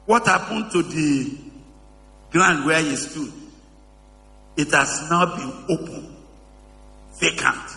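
A man preaching a sermon to a congregation, asking them questions again and again, his voice leaping to high shouts and dropping to low murmurs. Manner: asks the congregation questions over and over. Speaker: pastor. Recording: echoey hall reverb.

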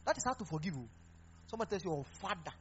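A man preaching a lively sermon, mixing Pidgin into his exhortations and laughing often. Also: high-pitched, racing, slight background noise. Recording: dull lo-fi recording with faint music.

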